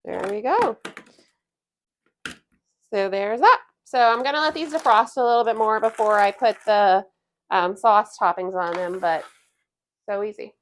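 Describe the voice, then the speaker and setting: A woman in her thirties talks through dinner prep in her home kitchen, chatty and relaxed with small laughs and fillers. Her voice sits at a middling pitch, easy and unforced. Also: unhurried, pauses often, slight background noise. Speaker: homestead cooking vlogger. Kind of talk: casual cooking vlog narration.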